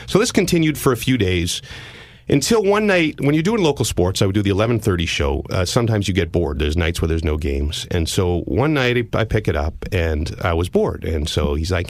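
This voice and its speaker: A man's voice: low voice, sing-song, moderate pace, no echo. A middle-aged Canadian man, a podcast host and sportscaster, telling a story in casual, self-deprecating chat.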